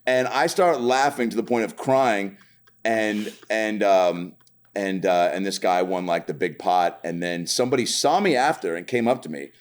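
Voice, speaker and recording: A man in his thirties from the Seattle area, a comedian guest telling animated, profane stories in casual chat. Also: fairly low pitch, normal speed.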